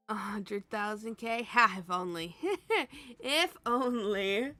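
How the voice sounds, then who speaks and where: A woman's voice: mid-range voice, slow, sharp tone, no room sound, faint music behind. An American woman streamer, tired and laughing often, chatting casually with her viewers and greeting them by name. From United States. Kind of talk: casual live-stream chat.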